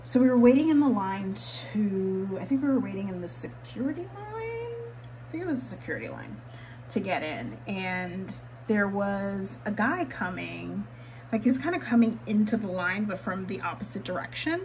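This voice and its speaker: A woman's voice: medium pitch, very animated, moderate pace, darkish tone, a little hiss or hum, low-quality recording. A woman vlogger chatting candidly while she decorates her planner, swearing casually and laughing often.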